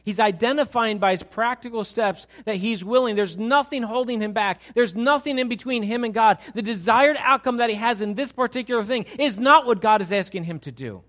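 Lively middle-aged male pastor preaching. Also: sits high, a little fast, hardly any pauses. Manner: animated, rhetorical questions to the congregation. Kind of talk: sermon.

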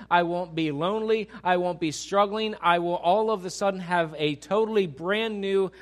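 A man's voice: high voice, fairly bright tone. A man preaching a sermon, asking the congregation questions and building to emphatic peaks. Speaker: pastor.

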